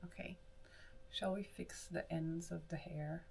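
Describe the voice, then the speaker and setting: A woman's voice: lowish voice, steady tone, measured pace, vocal fry, a little mellow, slight background noise. A woman livestreamer chatting casually with viewers, rambling and answering chat while she does her hair. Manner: rambling, with restarts.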